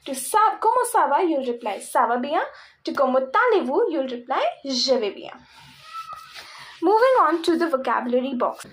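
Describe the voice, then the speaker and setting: High-voiced woman teaching French. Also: very animated. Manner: repeats phrases slowly and checks understanding. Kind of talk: classroom-style language lesson.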